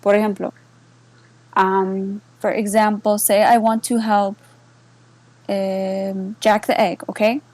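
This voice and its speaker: A woman moderator explains a bot in a casual screen-share tutorial, relaxed and unhurried with many fillers. She switches between English and Spanish and keeps checking listeners follow with a quick "okay?", and her voice sits at a middle pitch. The low-quality recording has no room sound.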